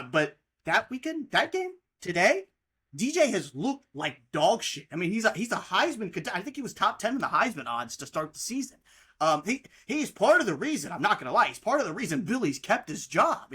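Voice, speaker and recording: A man rants outdoors by the water, his voice bright and edgy as it swings up and down. He talks in a heated, exasperated way, with plenty of profanity. It sounds like a solo sports podcast host venting. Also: high voice, breathy edge.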